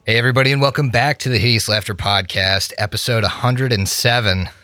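A man's voice: medium pitch, bright, forceful tone, no echo, studio quality, soft background music. A man hosting a tabletop game podcast, teasing his players in casual chat. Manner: joking, teasing, quick laughs. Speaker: podcast host.

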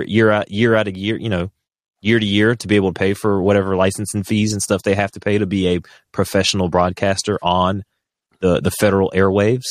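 A man co-hosting a podcast, talking in a casual, rambling, animated way with frequent restarts. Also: low voice, no room sound, clean studio sound. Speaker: podcast co-host.

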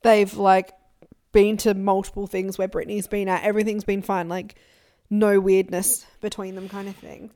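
A young woman talking in a casual, animated podcast chat. Her voice sits at an ordinary middle pitch. She tells stories with lively energy. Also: normal speed. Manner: animated, quotes people in put-on voices. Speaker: podcast co-host.

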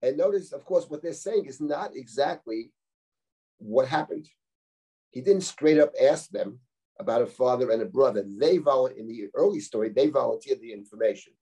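Husky-voiced rabbi teaching a text class. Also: male voice, mid-range voice, animated, normal speed, warm tone. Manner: reads Hebrew verses aloud and translates them line by line; conversational, explanatory, with rhetorical questions. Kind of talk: live text-study lecture.

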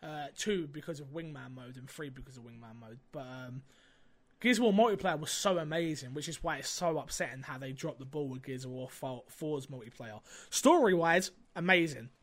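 A man's voice: a little high, normal speed. A man hosting a podcast in casual chat, telling stories with lots of fillers. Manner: animated storytelling, lots of fillers. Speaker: podcast host.

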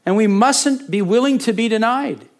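A male pastor preaching a sermon and leading prayer, fervent, building from quiet talk to urgent pleading and repeating phrases for emphasis. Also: extremely high pitch, moderate pace.

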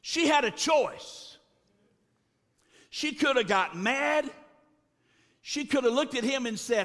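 A man preaches a dramatic sermon in a high, very animated voice, his pitch leaping up and down. He swings between shouted lines and low, drawn-out words. His voice rings with the long reverb of a large hall.

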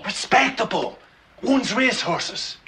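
A defensive Scottish husband. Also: male voice, sits high, animated, slow pace, bright, forceful tone, slight background noise, full character voice. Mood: defensive, insistent. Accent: Scottish, put on. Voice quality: defensive, insistent. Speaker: film character. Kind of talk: film dialogue.

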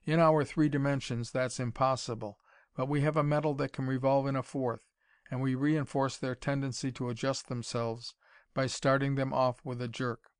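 A cool-headed young inventor who talks in a smooth, suave way, as a man voices him in a storybook reading. His voice sits mid-pitched and level-headed. The recording is dry and close. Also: moderate pace, dry recording, lightly acted. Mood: explaining. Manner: suave, calm.

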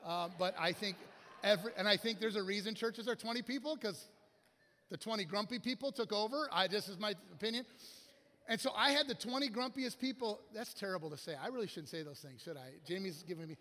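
A man with a notably high speaking voice delivers a sermon, bringing his anecdotes to life by playing out the people in them. His voice echoes through a large church sanctuary with a long, lingering reverb. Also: expressive, fairly quick, bright, forceful tone. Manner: storytelling with acted-out quotes and asides. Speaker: guest pastor.

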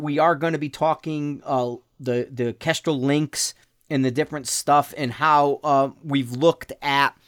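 A man's voice: fairly high pitch, no room sound, studio quality. A man hosting a casual solo podcast, rambling and joking with lots of stammered restarts. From Denver area, USA. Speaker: podcast host. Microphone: podcast mic.

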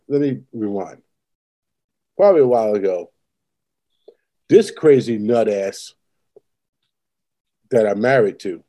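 Man, blunt and crude casual talker with an unhurried delivery. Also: medium pitch, dark tone. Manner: crude, blunt, swears a lot. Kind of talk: casual chat.

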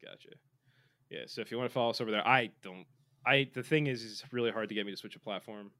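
A man's voice: fairly low pitch, fast talker, sharp tone. A man co-hosting a podcast in casual chat, joking and playful, reading listener messages aloud. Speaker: podcast co-host.

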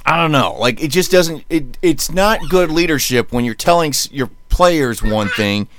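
A man's voice: a little high, animated, normal speed, a bit bright, no echo. A man co-hosting a podcast in casual chat, rambling and sarcastic, often restarting his phrases. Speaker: podcast co-host.

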